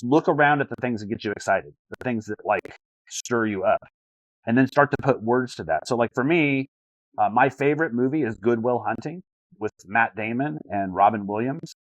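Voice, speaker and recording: A man coaching over a video call in an earnest, searching way, often stumbling and repeating words before landing a thought. His voice sits mid-pitched and sounds dry and close, with no room around it. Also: moderate pace, no room sound, lo-fi sound. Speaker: life coach.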